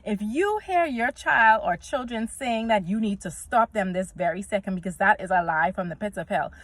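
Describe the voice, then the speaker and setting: A woman's voice: mid-range voice, moderate pace, dry recording. A woman in her thirties speaks to camera in a casual faith-based vlog. Her voice sits in an ordinary middle range for a woman. She is earnest and a touch preachy, quoting scripture and playing out little conversations as she goes. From Bahamas. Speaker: vlogger.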